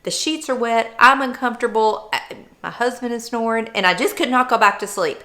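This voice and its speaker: A woman's voice: on the high side, brisk, pushed and bright. A woman vlogger talking candidly and earnestly about her personal experience. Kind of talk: personal vlog chat.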